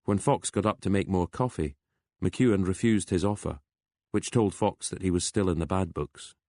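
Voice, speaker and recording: A man narrating a crime novel audiobook in a steady, even storytelling manner on a close studio mic. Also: deep voice, normal speed, dry recording.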